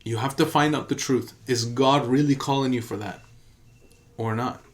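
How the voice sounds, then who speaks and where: A man's voice: medium pitch, fairly even intonation, normal speed. A man, a pastor, teaching in an earnest and emphatic sermon style, telling a story and repeating key phrases for emphasis.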